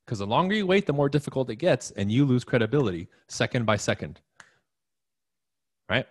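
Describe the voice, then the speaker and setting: A man's voice: mid-range voice, lively intonation, brisk, no echo, clean studio sound. A man giving a casual, emphatic motivational talk to an audience, repeating key phrases and asking them questions. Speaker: motivational speaker.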